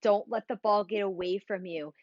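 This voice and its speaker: A woman's voice: medium pitch, steady tone, normal speed, dry recording, muffled recording. A woman leading a Pilates workout, cueing breaths and moves in an upbeat, encouraging, playful way. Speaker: Pilates instructor. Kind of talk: guided workout instruction.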